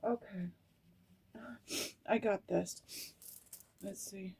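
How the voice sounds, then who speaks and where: Woman, middle-aged, tarot reader, slow unhurried delivery, emotional, laughing and tearful asides. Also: medium pitch, fairly even intonation, vocal fry, mellow, breathy edge. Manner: reads card meanings slowly, breaking into laughs and tearful asides. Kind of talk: emotional tarot card reading.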